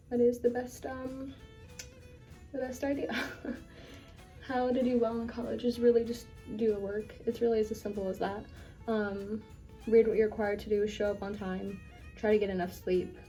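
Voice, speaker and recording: Young woman vlogging while she curls her hair, mellow voice kinda far from the mic, faint music behind. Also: fairly high pitch. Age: young adult. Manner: relaxed and chatty, frequent ums. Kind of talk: casual chat answering questions. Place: home, curling her hair.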